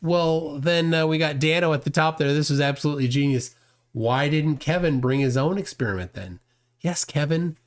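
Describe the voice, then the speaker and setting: Male streamer, fairly high voice, mocking and sarcastic commentary. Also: moderate pace. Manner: mocking, sarcastic, acts out mock dialogues. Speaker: host.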